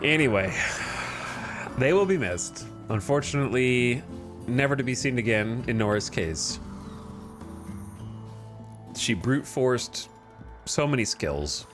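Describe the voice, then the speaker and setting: A man's voice: mid-range voice, lively intonation, unhurried, pauses often, over music. Wry man streaming a game. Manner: wry, self-deprecating, rambling. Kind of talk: casual gameplay commentary.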